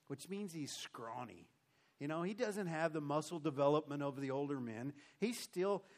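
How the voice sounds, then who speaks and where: A man preaching, reading archaic scripture and then breaking into heartfelt commentary. His voice sits a bit higher than most men's. He presses his points with feeling. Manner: reads old scripture aloud, then comments with emotion and emphasis.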